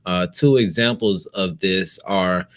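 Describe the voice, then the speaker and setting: Slow, low-voiced man reading aloud. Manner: measured, reads passages aloud and comments. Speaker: podcast co-host. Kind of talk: casual chat, reading aloud.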